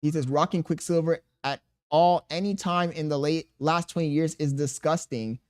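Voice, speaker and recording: Male streamer, thirties, a bit higher pitch, loose joking banter with chat. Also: normal speed, a little mellow. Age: 30s. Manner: joking, laughing, reads chat aloud, crude banter. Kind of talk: casual live-stream chat reading.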